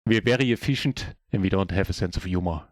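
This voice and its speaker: Man, German native speaker, poker streamer, low voice, dry sound, casual commentary. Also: fast talker, no echo. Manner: relaxed, chatty, self-deprecating with chuckles.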